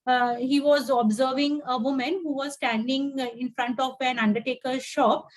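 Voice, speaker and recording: Woman, online English tutor, high-pitched, patient, pauses often, video-call mic. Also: steady tone. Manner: patient, many "uh" pauses while explaining. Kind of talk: online class, reading and explaining a story line by line.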